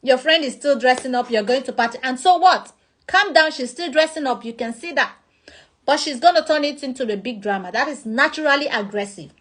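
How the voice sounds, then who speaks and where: Nigerian lady vlogging, chatty, pretty high voice. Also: fairly quick, a bit bright. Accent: Nigerian English. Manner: chatty, uses acted-out examples. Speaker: vlogger explaining a topic. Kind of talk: casual explanatory talk.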